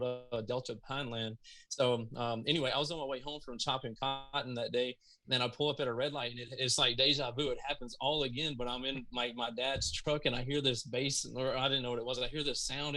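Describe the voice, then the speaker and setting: Speaking over a video call, a Mississippi man with a Southern accent tells stories as a podcast guest in an animated, casual way. His voice is mid-range.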